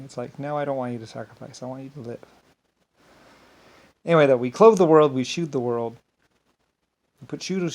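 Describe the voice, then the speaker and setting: A man giving a meandering, grandiose unscripted monologue, often repeating himself. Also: mid-range voice. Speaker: solo speaker.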